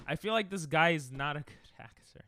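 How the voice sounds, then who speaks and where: A man's voice: fairly high pitch, lively intonation, a little fast, sharp tone, dry recording, studio quality. A young man streaming, giving casual reaction commentary with laid-back, laughing asides.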